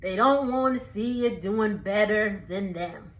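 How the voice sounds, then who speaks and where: A woman voicing a taunting male gang leader with a drawl, slightly raised pitch, while retelling a film. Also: a little slow, natural voice. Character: boastful rural male gang, menacing.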